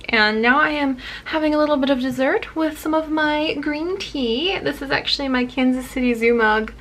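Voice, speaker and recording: Brief: upbeat woman vlogger, slightly high voice, chatty and gushing. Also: fairly bright tone. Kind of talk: casual vlog chat to camera. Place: outdoors at home, then indoors.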